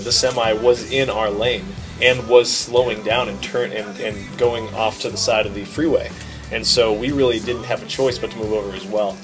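A man co-hosting a podcast, telling a story in casual chat with an animated, self-deprecating manner. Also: on the low side. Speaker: podcast co-host.

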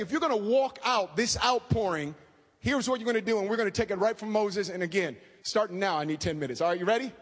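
A man preaching a fervent sermon, talking fast and calling out to the congregation. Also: high voice, breathy edge. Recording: long hall reverb.

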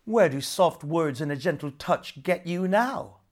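A storyteller voicing a sharp-tongued, hot-tempered young wife who snaps and shouts, in a storybook read-aloud. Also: mid-range voice, lively intonation, unhurried, close to an everyday voice. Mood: defiant. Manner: snapping, loud and cross.

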